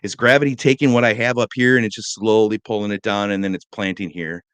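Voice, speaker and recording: A middle-aged man co-hosting a morning show, telling rambling, joking stories in a relaxed chat. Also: fairly low pitch, fast talker, clear, resonant tone, no echo. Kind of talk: casual chat.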